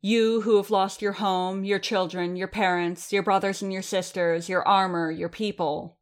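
A woman's voice: medium pitch, level tone, clear, resonant tone, natural voice. Bo-Katan, a stern warrior leader, read by a woman. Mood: rallying. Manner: firm, declaiming, slowed for emphasis. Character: commanding woman warrior leader, rallying her people. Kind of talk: audiobook reading.

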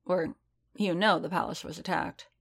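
A woman's voice: fairly low pitch, steady tone, moderate pace, creaky, breathy edge, full character voice. A woman reading as a terse, guarded bounty hunter. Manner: terse, quiet and clipped. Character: gruff guarded male bounty hunter in a helmet.

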